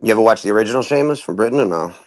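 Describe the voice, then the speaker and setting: A man's voice: fairly low pitch, expressive, rapid-fire, a little mellow. Loose, profane New York man chatting. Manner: loose, laughing, profane banter. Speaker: podcast co-host. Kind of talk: casual chat.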